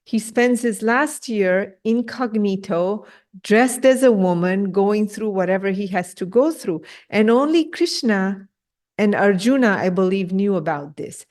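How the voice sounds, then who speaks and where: A woman teaching an online scripture class, lively and direct, acting out the voices she quotes and checking in with her listeners. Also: mid-range voice, measured pace. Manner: animated, acts out quoted voices, asks listeners "yes?". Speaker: spiritual teacher. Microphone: video call.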